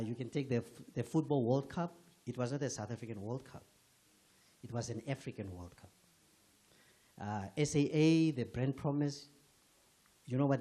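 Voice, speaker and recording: A man's voice: mid-range voice, dark tone. A man from Namibia speaking from the floor at a book launch, earnest and emphatic, with frequent restarts. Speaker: audience member commenting. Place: event hall with audience.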